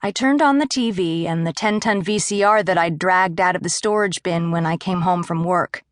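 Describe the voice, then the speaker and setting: A woman narrating a first-person thriller audiobook in a measured, wry, confiding way. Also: lowish voice, dry recording. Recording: dry close studio mic.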